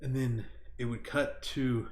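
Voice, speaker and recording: Profane, animated podcast storyteller. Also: male voice, medium pitch, measured pace. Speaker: podcast co-host. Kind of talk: casual chat. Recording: roomy echo with faint noise.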